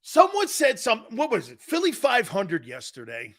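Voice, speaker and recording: A man's voice: very high voice, normal speed. A man hosting a live sports talk show, teasing viewers and laughing often as he reads their comments. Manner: animated, teasing, laughs often, mock apologies.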